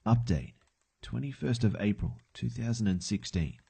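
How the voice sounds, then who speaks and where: A man narrates a first-person horror tale in a calm, measured, matter-of-fact way. His voice sits low with a dark, mellow tone, keeping the telling steady and plain. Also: vocal fry, breathy edge. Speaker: storyteller.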